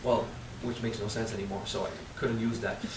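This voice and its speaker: A man in his thirties with a French accent, speaking at a spiritual seminar, frank and animated, swearing casually and drawing out key words. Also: on the low side, a little fast, reverberant, far from the mic, background noise. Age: 30s. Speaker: spiritual teacher. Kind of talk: seminar talk.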